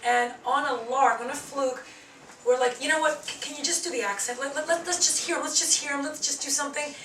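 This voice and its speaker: A woman from the production team, telling a story with brisk enthusiasm. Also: high voice, fairly even intonation, a bit bright. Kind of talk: post-show interview. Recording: roomy, from far off, light noise.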